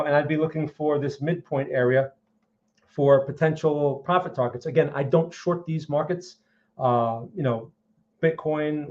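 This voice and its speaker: A man's voice: a little high, a little mellow. Man, New York accent, opinionated market streamer, muffled lo-fi audio. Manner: blunt, opinionated, talks directly to viewers. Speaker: market analysis streamer host. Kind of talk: live market commentary.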